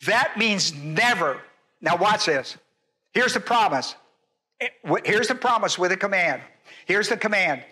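A man's voice: sits high, expressive, measured pace, long pauses, bright, forceful tone, slightly rough. An older man, a pastor, teaching a Bible sermon in an emphatic, repetitive way and putting questions to his congregation.

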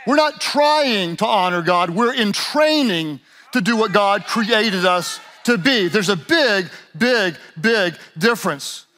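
Bright, high-voiced man preaching a sermon. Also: lively intonation, slow. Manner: emphatic, repeats key phrases, acts out lazy runner in mumbled voice. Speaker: pastor.

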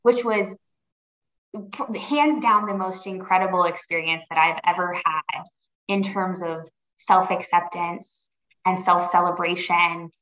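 A woman's voice: lowish voice, a little slow, fairly bright tone. A woman guest on a podcast, speaking earnestly and reflectively, often restarting her sentences. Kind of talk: conversational interview. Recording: roomy, dull lo-fi sound.

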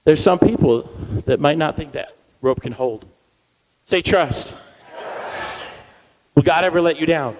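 A man speaking as a guest at a church service, energetic and playful, leading the crowd in call-and-response chants. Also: fairly high pitch, moderate pace. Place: church hall. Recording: long reverb of a church hall.

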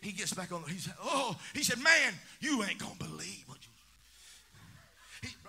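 A man preaching a sermon in church, telling stories in quoted dialogue and building up to shouted, sing-song peaks. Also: sits high, sing-song, normal speed, vocal fry. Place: church sanctuary.

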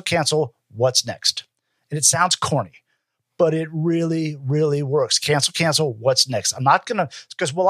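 Male host, keen and witty, slightly high voice, dry close mic. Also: fairly bright tone, dry recording. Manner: enthusiastic, quick-witted. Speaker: podcast host. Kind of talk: casual interview chat.

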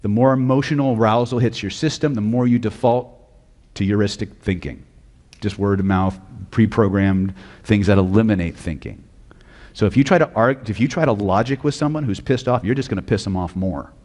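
A man's voice: lowish voice, fairly quick, a little mellow, long reverb tail. A man teaching hypnosis at a live seminar, blunt and profane, often quizzing the audience. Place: lecture hall with audience.

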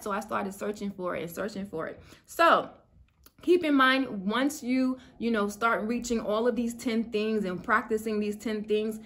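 Earnest, chatty woman teaching faith. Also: normal speed. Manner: earnest, chatty, slangy, rises higher when excited. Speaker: spiritual YouTuber. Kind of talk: casual faith teaching to camera.

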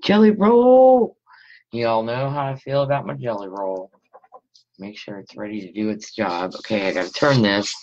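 A woman's voice: rumbling low, normal speed. A woman hosts a casual live crafting stream from her home craft room. She chats with her viewers between steps, keeping an easy, friendly running commentary. The recording is dull and lo-fi. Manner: chatty, talks to viewers while working. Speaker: scrapbooking host. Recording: dull lo-fi sound.

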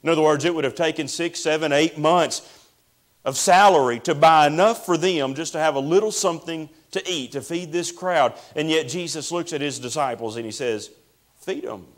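Guy preaching, slightly high voice, earnest, drags out words for emphasis. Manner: earnest preaching, drawn-out emphasis, addresses listeners as friend. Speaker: pastor. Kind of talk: sermon.

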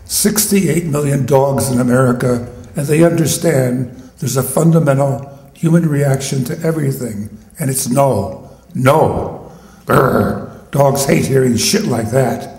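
A man's voice: medium pitch, takes it slowly, a little mellow, roomy sound. A man voicing a blunt wisecracking dog. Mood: wry. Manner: blunt, wry and streetwise. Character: wisecracking street-smart talking dog. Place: live reading in a poetry venue.

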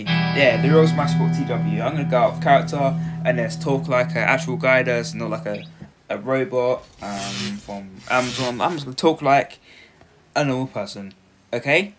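A man hosting a gaming video, rambling casually over clips and often stumbling and correcting himself. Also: medium pitch. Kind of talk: casual game commentary. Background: music.

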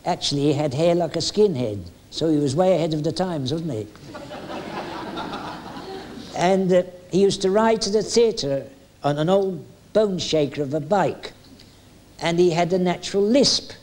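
An older man reminisces about his days on the stage, chatty and full of little jokes. His voice sits somewhat high for a man. Now and then he stops on an "uh" and picks his story back up. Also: normal speed, darkish tone, slight background noise. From England. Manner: chatty and jokey, with hesitant fillers. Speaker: retired music hall entertainer reminiscing. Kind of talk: anecdotal storytelling.

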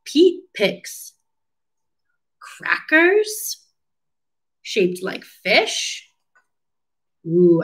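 A woman reading a picture book aloud to young children, asking them questions and pausing for their answers. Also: lowish voice, poor audio. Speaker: speech therapist reading a storybook. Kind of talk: read-aloud storytime lesson for children.

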